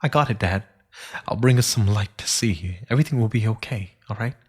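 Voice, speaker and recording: A man's voice: lowish voice, fairly quick, husky, pitched above the performer's own voice. A man voicing a frightened young boy who pleads with a shaky, tearful voice. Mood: pleading.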